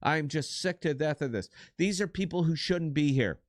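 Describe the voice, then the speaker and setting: A man's voice: on the high side, expressive, normal speed, no echo, clean studio sound. A middle-aged man co-hosting a political podcast, giving blunt, profane and emphatic commentary. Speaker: podcast co-host.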